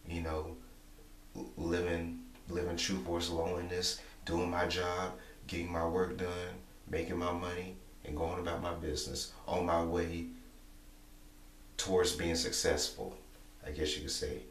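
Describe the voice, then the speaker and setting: A young man talking casually to camera, repeating himself and filling pauses with "you know". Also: low voice, flat delivery. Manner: repetitive, rambling, many "you know" fillers. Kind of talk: casual monologue vlog. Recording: echoey room, distant mic, faint hum.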